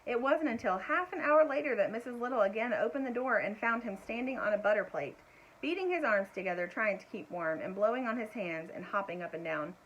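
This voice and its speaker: A woman reading a children's chapter book aloud in a gentle, expressive way, adding little asides for young listeners. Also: fairly high pitch, brisk, dull audio. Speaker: storyteller.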